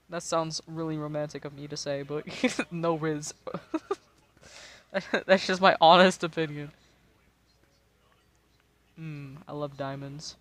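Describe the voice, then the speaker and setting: A man's voice: a little high, flat delivery, measured pace, long pauses, a bit bright. Tipsy, rambling young American man. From United States. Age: 20s. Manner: rambling, profane, laughs often. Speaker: streamer. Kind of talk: casual live-stream chat while gaming.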